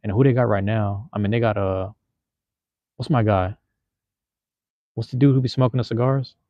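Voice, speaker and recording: With a voice on the low side, a Seattle livestream host speaks at a moderate pace and fairly even intonation, chatting loosely with viewers, slinging slang and swearing. The audio is lo-fi, with no echo.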